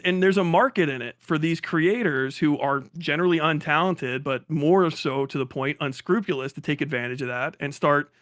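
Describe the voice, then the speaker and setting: Blunt, profane high-voiced man. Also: a bit bright, no room sound, studio quality. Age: 30s. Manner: blunt and profane, mimics commenters in mocking voices. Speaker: streamer hosting a fundraiser. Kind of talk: casual chat.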